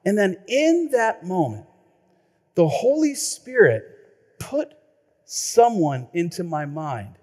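Male pastor, high voice, lively storyteller, sermon with long hall reverb. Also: slow pace, pauses often. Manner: lively storytelling, repeats words when excited.

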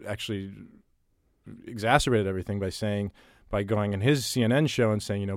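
Deep-voiced man musing in a dry room. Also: fairly quick, no echo. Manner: thoughtful, many restarts and repeated words. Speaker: interviewee, writer. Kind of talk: casual interview talk.

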